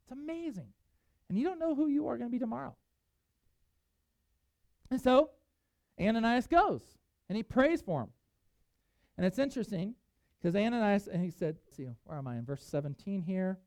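Pastor, sermon, animated storytelling, reads scripture, dry close sound. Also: medium pitch, normal speed, pauses often, dry recording, rough recording.

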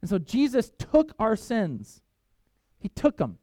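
A man's voice: sits high, wildly swooping pitch, slow pace, dark tone, dry recording. A middle-aged man, a pastor preaching a conversational sermon, acting out quoted voices and restarting sentences as he goes.

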